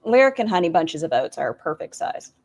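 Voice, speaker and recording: A woman's voice: lowish voice, sing-song, a little fast, darkish tone. A woman hosting a reaction stream, making wry, snarky comments on clips and chatting with viewers.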